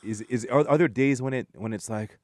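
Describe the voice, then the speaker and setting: A man's voice: medium pitch, fairly quick, darkish tone, no echo, clean studio sound. A man hosting a radio interview, eager and admiring, with easy laughter in his questions. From Jamaica. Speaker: radio host. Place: radio studio.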